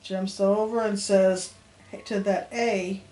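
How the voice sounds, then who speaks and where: A woman's voice: medium pitch, fairly even intonation, slow, mellow. A woman teaching a phonics lesson to young children, sounding out letters in a patient, sing-song teacher voice. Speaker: elementary school teacher. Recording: roomy echo, faint background hum.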